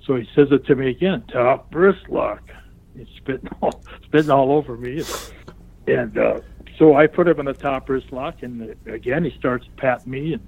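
Guesting in an anecdotal interview, an older retired pro wrestler recounts a wrestling tale in an easy middle pitch. Whenever he quotes someone, he animatedly pops into a higher, raised voice, and the audio is thin and narrow like a phone call.

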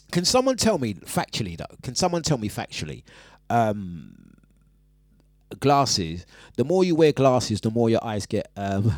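A man's voice: fairly low pitch, darkish tone, no echo, studio quality. A man hosting breakfast radio, teasing a colleague and laughing often. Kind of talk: casual radio chat.

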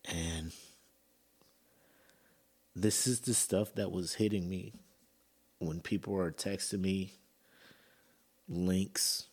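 A man's voice: sits low, steady tone, slow, long pauses, breathy edge. A man hosting a podcast, talking earnestly and emotionally in a personal monologue, with casual fillers and swearing. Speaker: podcast host.

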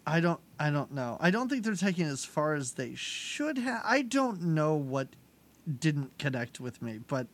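A woman's voice: low voice, sing-song, moderate pace. A woman co-hosting a podcast, recapping a movie casually, laughing often and imitating characters. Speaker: podcast co-host.

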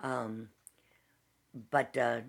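A woman hosts a casual talk and shares memories with her co-host. Her voice sits low and slightly husky. She tells stories with quick asides and laughs along the way. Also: level tone. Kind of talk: casual chat.

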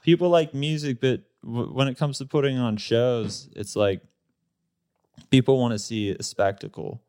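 A man in his thirties, a guest in a casual interview, telling stories in a relaxed way with lots of fillers and laughs. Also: medium pitch, normal speed, no echo. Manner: relaxed storyteller, laughs often, many fillers.

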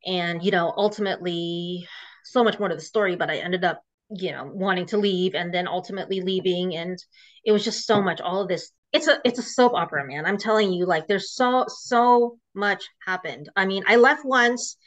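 In a voice on the low side and at normal speed, a woman being interviewed tells her own story. She's emotional and rambling, restarting a lot, and the audio is dull lo-fi.

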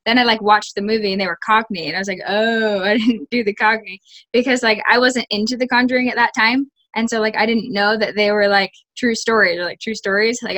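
This interview guest is a young actress with a mid-range, fairly bright voice, captured in a dry recording. Her chatty talk is packed with fillers like "like" and frequent restarts.

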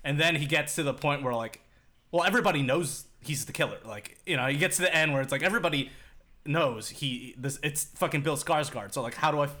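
A man with a bright, forceful voice talks loosely on a podcast. He rambles, swears often and acts out other people's lines in quick bursts. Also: fairly high pitch. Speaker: podcast co-host. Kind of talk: casual chat.

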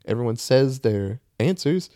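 A man's voice: mid-range voice, animated, a little slow, mellow, no room sound, clean studio sound. A man on a podcast casually recapping a horror movie, retelling the plot with lots of laughs and acted-out lines. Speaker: podcast host.

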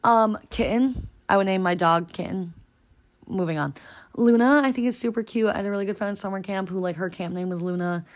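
A woman's voice: mid-range voice, fairly quick. A young woman in her twenties hosting a podcast, chatting casually and rambling with lots of "like". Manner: rambling, heavy use of filler "like". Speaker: podcast host. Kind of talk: casual chat.

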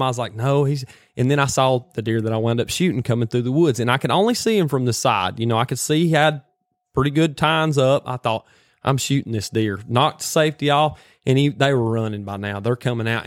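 A man telling a hunting story in a casual, animated way, full of folksy slang. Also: mid-range voice, no room sound, clean studio sound.

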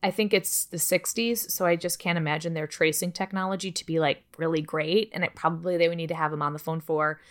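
A woman with a somewhat low voice tells a true-crime story on a podcast. She keeps it casual and chatty, cursing freely and slipping in joking asides. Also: steady tone, brisk, few pauses. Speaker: podcast co-host.

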